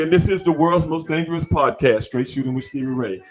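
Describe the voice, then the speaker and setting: A male podcast host in casual conversation with a guest. He speaks at an ordinary middle pitch, stressing and repeating his points with hype and street slang. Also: lively intonation, quick pace, music in the background. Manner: emphatic, repetitive, slangy hype talk. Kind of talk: casual interview chat.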